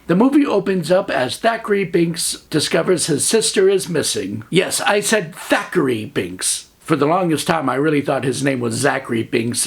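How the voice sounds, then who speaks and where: A man's voice: a little high, creaky, slightly rough. A man hosting a comedic movie review, narrating with sarcastic, joking asides.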